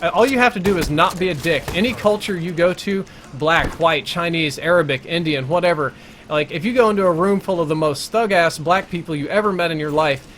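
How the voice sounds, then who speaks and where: Guy streaming a shooter game, rambling crude story, kinda high voice, faint noise behind. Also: a little fast, a bit bright. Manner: rambling, crude, self-interrupting. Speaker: gaming streamer. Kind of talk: casual storytelling over live gameplay.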